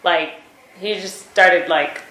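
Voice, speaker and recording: Hesitant woman witness, slightly low voice, echoey room recording. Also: slow, sharp tone. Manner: hesitant, many fillers, retelling events. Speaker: witness giving a statement. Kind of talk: recorded statement to prosecutors.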